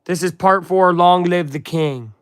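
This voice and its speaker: A man's voice: sits high, unhurried, clean tone, no room sound, clean studio sound. A man chatting casually on a live stream, reading a comic aloud and breaking off for asides to viewers.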